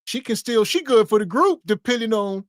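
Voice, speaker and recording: A man co-hosting a podcast, giving slow, preachy commentary on street interview clips. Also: high voice, animated, no room sound. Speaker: podcast co-host. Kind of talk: casual reaction commentary.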